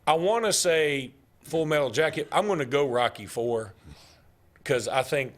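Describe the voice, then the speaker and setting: A man co-hosting a casual sports talk radio show, arguing his picks and joking with the host. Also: mid-range voice.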